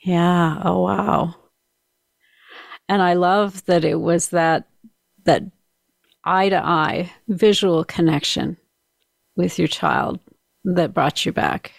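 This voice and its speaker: A woman hosting a talk show, speaking in a gentle, affirming way and inviting the listeners to reflect. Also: fairly low pitch, lively intonation, slow pace, gravelly, long pauses, no room sound, studio quality. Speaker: podcast host.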